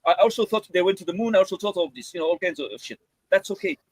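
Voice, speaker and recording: A high-voiced man talks quickly and fervently, preaching to his community with earnest repetition. The sound is dry and close, with no echo.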